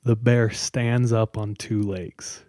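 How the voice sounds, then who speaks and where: A man hosting a podcast, casually telling a scary story with dramatic pauses and lots of "like.". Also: lowish voice, dry recording, studio quality. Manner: relaxed, dramatic pauses, many "like"s.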